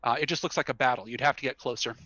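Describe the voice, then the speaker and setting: A man's voice: mid-range voice, racing, bright, forceful tone, dry recording, dull audio. A man narrating as game master in a rambling way, full of fillers and frequent laughter.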